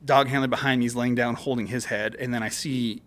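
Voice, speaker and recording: Speaking fast in a steady, fairly bright tone of medium pitch, a man who served in the military tells a casual, cursing story full of fillers. He's a podcast guest picked up on a studio mic.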